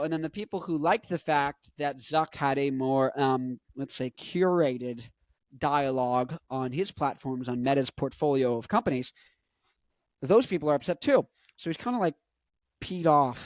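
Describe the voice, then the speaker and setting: On a dry recording, a male vlogger in his 20s speaks at normal speed in a voice on the high side. His casual commentary wanders, regularly interrupted by his own jokes.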